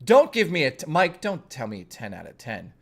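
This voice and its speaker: A man's voice: medium pitch, wildly swooping pitch, moderate pace, vocal fry. A male streamer telling a story to his live chat in a blunt, profane, chatty way, speaking straight to his viewers.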